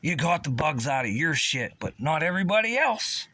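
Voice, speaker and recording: A man's voice: on the high side, big pitch swings, moderate pace, pushed and bright, dry recording. A man from the Pittsburgh area, delivering an agitated, sarcastic, profane rant and stumbling over his restarts. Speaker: vlogger.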